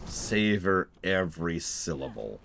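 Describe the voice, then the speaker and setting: A man with a lowish voice talks over his gameplay, swinging his pitch widely as he jokes. He drops wry, sarcastic remarks and reads quest text aloud. Soft game music plays underneath. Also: big pitch swings, measured pace, creaky. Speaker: game streamer and lore reviewer. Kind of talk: live commentary while playing.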